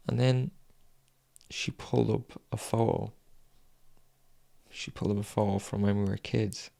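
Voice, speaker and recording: Gravelly low-voiced young man, confessional. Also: fairly even intonation, warm tone. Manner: raw, frank and heavy with swearing; halting, with long pauses and sighs. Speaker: fitness vlogger. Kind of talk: confessional personal storytelling.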